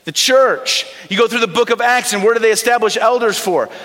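A man's voice: extremely high pitch, steady tone, quick pace, a bit bright. A middle-aged male pastor preaching a sermon to his congregation, emphatic and asking them questions to answer. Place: church auditorium. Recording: long reverb of a church hall.

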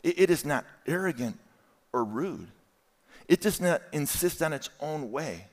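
A middle-aged man preaching a sermon as a guest speaker, animated and asking the congregation questions. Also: fairly high pitch, unhurried, long reverb tail. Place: church.

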